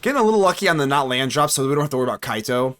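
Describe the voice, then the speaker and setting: Male streamer, live gameplay commentary, very animated delivery, talks to himself as he plays. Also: mid-range voice, rapid-fire. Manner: chatty, excitable, thinks aloud, swings from playful to worried. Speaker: card game streamer and channel host.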